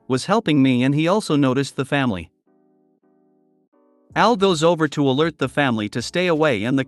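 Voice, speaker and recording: Man narrating stories, slightly high voice. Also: no echo. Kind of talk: scripted narration of online stories.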